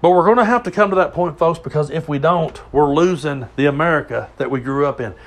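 A Southern US man in his forties rants and tells stories on his podcast, swearing freely and circling back with restarts. His voice sits a little high for a man and lands each point with emphasis. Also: a little fast. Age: 40s. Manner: profane, emphatic, rambling with restarts. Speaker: podcast host. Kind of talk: political rant with storytelling.

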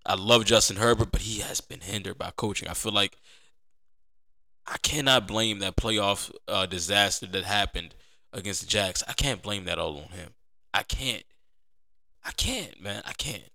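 Bright-voiced man talking football. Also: lowish voice, normal speed, creaky. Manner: animated, conversational, repeats himself for emphasis. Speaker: podcast host. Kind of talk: casual sports commentary.

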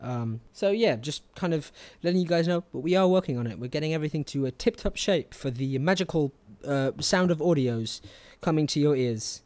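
A man's voice: a little high, expressive, fairly quick, hardly any pauses, darkish tone, no room sound. A man giving casual podcast announcements, rambling with many fillers and poking fun at himself. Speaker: podcast player making announcements.

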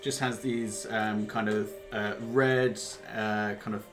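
A man's voice: fairly low pitch, fairly even intonation, slow. A man narrating as game master of a tabletop game, hesitant and rambling with many ums and uhs. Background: background music.

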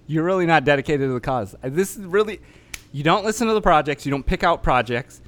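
Lively, high-voiced rowdy young man. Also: fast talker. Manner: rowdy, laughing, bursts into rap lines. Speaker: podcast co-host. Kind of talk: casual chat.

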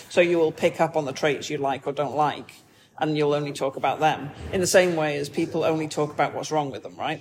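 A man in a casual podcast chat, talking in an animated way and acting out little scenes. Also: a little high.

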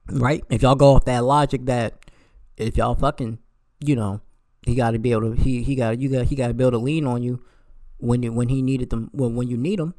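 A man's voice: medium pitch, steady tone, brisk, a little mellow. Profane ranting young man. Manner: heated, profane, rhetorical questions. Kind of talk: casual rant.

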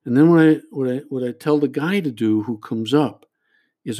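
A man's voice: mid-range voice, normal speed, mellow. A male therapist explaining a group exercise, restarting his phrases and checking in with "all right?" and "you know?". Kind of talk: describing a therapy exercise to an audience.

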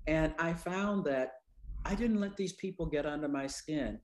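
Older woman storyteller in an interview, funny and lively, acts out the people she quotes. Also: low-pitched, normal speed. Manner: humorous, conversational. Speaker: anesthesiologist and speaker, interview guest.

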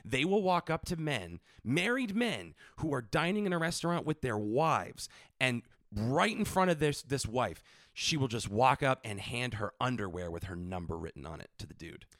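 Crude deadpan podcast co-host man. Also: mid-range voice, moderate pace, no room sound, studio quality. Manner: deadpan, crude jokes, puts on silly voices. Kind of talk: casual crude comedy chat.

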